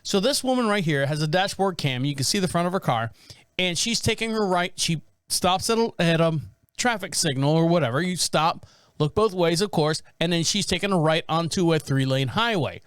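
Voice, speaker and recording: Casting note: male podcast host, high voice, dry close sound, rambling and animated. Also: moderate pace, clear, resonant tone, no room sound. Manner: rambling, animated, acts out quotes. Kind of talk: casual commentary on viral videos.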